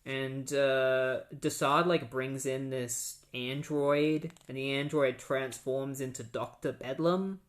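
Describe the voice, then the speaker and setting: A man's voice: medium pitch, steady tone, slow pace, few pauses. A young man hosting a podcast, casually recapping a comic book in a rambling way, full of fillers. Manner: rambling, filler-heavy, easygoing. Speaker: podcast host.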